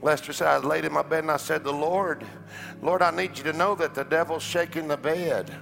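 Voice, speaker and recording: A middle-aged man preaching a sermon, telling a story that builds to a fervent, shouting climax. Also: on the high side, steady tone, brisk, gravelly, faint music behind. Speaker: pastor. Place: large church auditorium.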